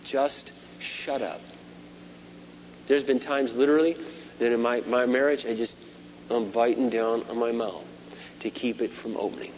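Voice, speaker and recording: A middle-aged man preaching a sermon, animated, swinging between loud emphasis and quiet asides. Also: medium pitch, normal speed, long pauses. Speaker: pastor. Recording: dull lo-fi sermon tape with faint hum.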